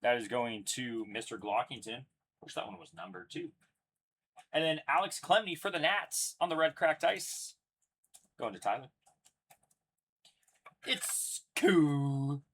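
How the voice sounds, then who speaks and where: A man's voice: medium pitch, normal speed, fairly bright tone, husky. A young man casually announcing each card pulled as he hosts a live card break, chatty and upbeat. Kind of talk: live card-opening commentary.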